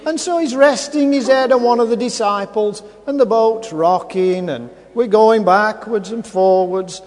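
Man, preacher, sermon, very high voice, long hall echo, repetitive, asks rhetorical questions. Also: measured pace, a little mellow.

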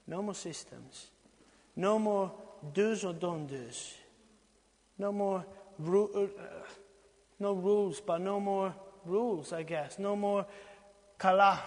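A man preaches in a church, repeating phrases emphatically and swinging from ringing exhortation to near-whispered lines. His voice sits notably high for a man, and a long hall reverb trails every phrase. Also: measured pace, pauses often. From Romania. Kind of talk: sermon.

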